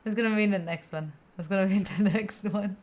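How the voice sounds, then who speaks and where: She talks fast in a mid-range, slightly mellow voice. A young adult Italian host of a study livestream, she fills the gaps between work sessions by reading viewer comments and answering them playfully with plenty of giggles.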